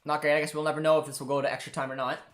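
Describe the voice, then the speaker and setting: The Canadian watchalong host talks very fast in a fairly high, slightly bright voice with little pitch movement. He rambles casually to his viewers and producer during the live football stream, with faint music behind him.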